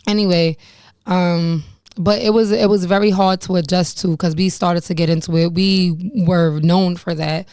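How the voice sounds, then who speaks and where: A woman's voice: lowish voice, fairly even intonation, normal speed, darkish tone, smooth, no echo, clean studio sound. A woman in her late twenties telling her life story straight to the camera, blunt and conversational, swearing freely and laughing at herself. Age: late 20s. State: pregnant. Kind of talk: candid storytime monologue.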